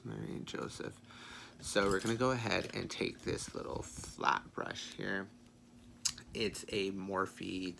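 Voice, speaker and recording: Sassy gravelly-voiced man doing makeup. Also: fairly low pitch, background noise. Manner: sassy, chatty, swears playfully, frequent quiet muttered asides. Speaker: makeup vlogger. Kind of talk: makeup tutorial chat.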